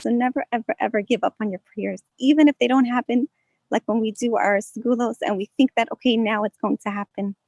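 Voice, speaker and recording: A woman's voice: on the high side, fairly even intonation, quick pace, a little mellow, no echo. A woman giving a heartfelt personal testimony talk at a prayer gathering, speaking earnestly. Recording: dull lo-fi sound.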